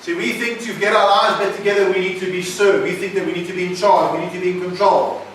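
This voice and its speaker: A man's voice: high-pitched, fairly even intonation, quick pace, a bit bright, a little hiss or hum. A man preaching a sermon, emphatic and often questioning his listeners. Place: recovery centre meeting room. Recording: echoey room, mic at a distance.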